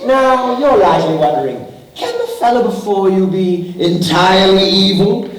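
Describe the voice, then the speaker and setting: A young man in a school play, acting a flamboyant, vain pirate captain with a booming, hammy delivery. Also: sing-song, moderate pace. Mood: grandiose. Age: young adult. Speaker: student actor. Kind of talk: stage play performance. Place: school stage in a hall. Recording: echoey hall, from far off.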